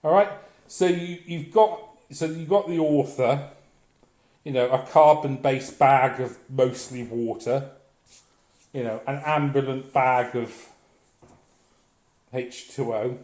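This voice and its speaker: A man's voice: mid-range voice, steady tone, slow pace, pauses often, a little mellow. A man delivering a blunt, profane, sardonic comic rant as a vlogger. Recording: echoey room.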